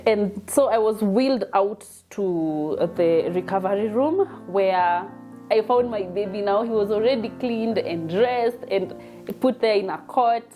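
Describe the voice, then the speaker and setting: A woman's voice: mid-range voice, a little slow, mellow, faint music behind. A young woman with a Kenyan accent telling a personal story in a chatty, emotional way, mixing English and Swahili. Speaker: vlogger telling her birth story.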